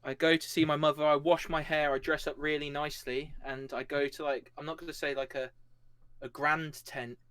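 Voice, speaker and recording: A man's voice: a little high, flat delivery, a little fast, fairly bright tone, clear, resonant tone. A man playing a tabletop game, explaining his plan in a rambling, hesitant way. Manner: rambling, hesitant, self-correcting. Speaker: player. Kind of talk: casual tabletop role-play chat.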